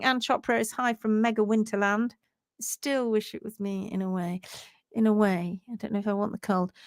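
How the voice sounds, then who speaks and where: Brief: chatty woman, middle-aged, livestream host, slightly high voice, dry recording. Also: a bit bright, dry recording. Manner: chatty, reads out viewer greetings. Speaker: livestream host and hoof care educator. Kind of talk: casual livestream talk.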